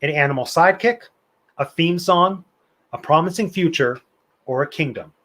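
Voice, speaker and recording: A man's voice: a little high, moderate pace, a bit bright. A man hosting a live online trivia night, reading out questions and answers in a chatty, playful way with opinionated asides. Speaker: trivia host.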